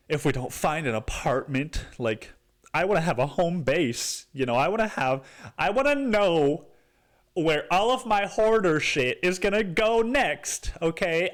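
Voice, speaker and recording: A man voicing his worked-up adult brother, whiny and insistent, in a higher, louder voice.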